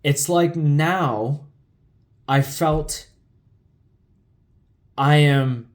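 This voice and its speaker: A man's voice: a little high, drawn-out words. A man telling his life story in an emotional, loose way, with many fillers and restarts. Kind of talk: personal storytelling talk.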